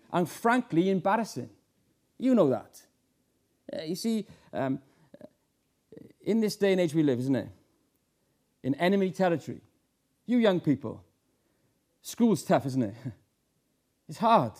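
A man's voice: high voice, darkish tone. A middle-aged man preaching a sermon, earnest, with many fillers and rhetorical questions.

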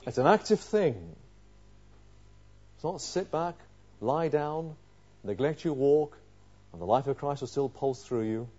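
A male preacher delivering an emphatic sermon, full of rhetorical questions, dropping quiet and then rising loud. His voice is mellow and dark. The recording is slightly dull and lo-fi. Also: medium pitch, expressive, a little slow, pauses often, slightly rough.

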